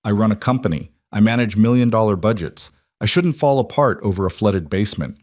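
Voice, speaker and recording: A man's voice: lowish voice, animated, fairly quick, darkish tone, no echo, studio quality. A man voicing an anxious, overwhelmed woman executive who talks in a shaky, apologetic, self-critical way.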